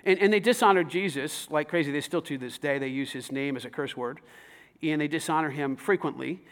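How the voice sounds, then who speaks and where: High-voiced man preaching with dynamic swings. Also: fairly quick. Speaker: pastor. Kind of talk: sermon.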